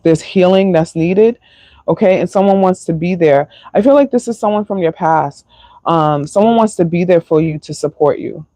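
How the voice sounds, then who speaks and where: A woman's voice: lowish voice, normal speed, mellow, no room sound. A woman doing a live tarot reading, emotional and sighing, with many fillers. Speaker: tarot reader.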